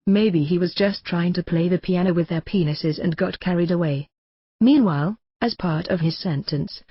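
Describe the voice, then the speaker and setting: A brash man narrates his own memoir in a mocking, combative rant. His voice is husky and the sound is bone-dry. The recording is a little dull and muffled. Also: sits high, no room sound. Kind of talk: audiobook narration in a ranting radio voice.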